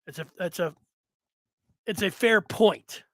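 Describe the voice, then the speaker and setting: A man's voice: sits high, takes it slowly, a bit bright, no room sound. A man hosting a casual sports talk stream, chatting in a rambling way and reading out viewer comments. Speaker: sports show host.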